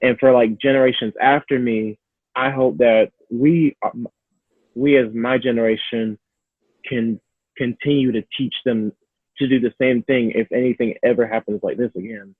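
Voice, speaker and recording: A man's voice: mid-range voice, steady tone, normal speed, breathy edge, no room sound. Earnest teen guy, sounds like a phone line, dry. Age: teens. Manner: thoughtful, earnest. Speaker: guest. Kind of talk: casual discussion.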